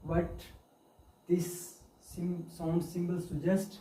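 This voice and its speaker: Slow-drilling male pronunciation teacher, echoey. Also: fairly high pitch, fairly even intonation, warm tone. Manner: slow, repeats each sound and word over and over as a drill. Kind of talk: pronunciation lesson. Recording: echoey room, voice from far off the mic, faint hiss.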